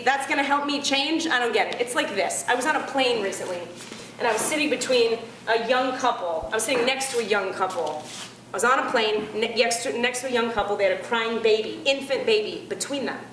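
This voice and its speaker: A woman doing stand-up comedy in a chatty, animated way, often asking the audience questions. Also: high-pitched, echoey room, slight background noise.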